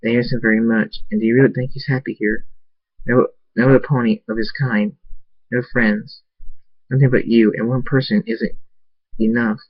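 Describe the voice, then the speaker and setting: A man voicing a regal pony princess who speaks calmly, solemnly and firmly. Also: medium pitch, moderate pace, slightly rough, highs cut off, natural voice. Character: stern, regal pony princess, calm and firm.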